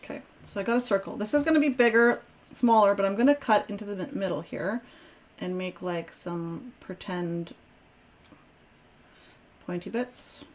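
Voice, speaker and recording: A woman's voice: mid-range voice, moderate pace, long pauses. A woman hosting a live crafting stream, chatting casually and self-deprecatingly as she works aloud. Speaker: crafting host.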